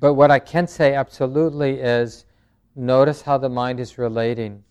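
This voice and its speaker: Guy leading a meditation class, gentle and calm, smooth clear voice. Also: mid-range voice, normal speed. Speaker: meditation teacher. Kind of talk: dharma talk with group questions.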